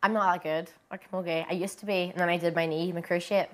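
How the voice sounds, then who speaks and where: A woman's voice: lowish voice, steady tone, fast talker. A young woman with a Northern Irish accent, chatting as a singer guest in a bubbly, giggly way. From Derry, Northern Ireland. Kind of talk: casual interview chat.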